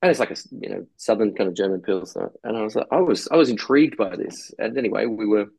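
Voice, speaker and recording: A man's voice: lowish voice, fast, gravelly, a little mellow, breathy edge, dry recording. A man in casual podcast chat, telling long rambling anecdotes with casual swearing. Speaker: brewery co-founder guest.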